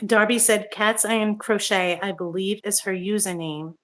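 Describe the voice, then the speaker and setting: This middle-aged woman hosts a laid-back talk show, cursing and venting with anger as she goes through comments from viewers. She speaks at a moderate pace in a medium, steady, fairly bright voice.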